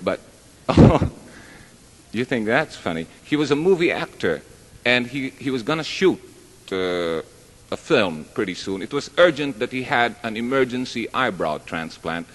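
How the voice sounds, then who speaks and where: At a measured pace, a medium-pitched man with big pitch swings performs stand-up on stage. His chatter rambles, and he keeps turning the joke on himself for a live audience in a large hall. The recording has a long hall reverb.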